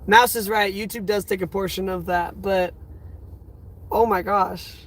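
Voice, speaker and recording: A young man in his twenties, high-voiced and a little slow with fairly even intonation, hosts a casual live-stream chat from inside a parked car. He's teary and near crying, overwhelmed and emotional, repeating his exclamations.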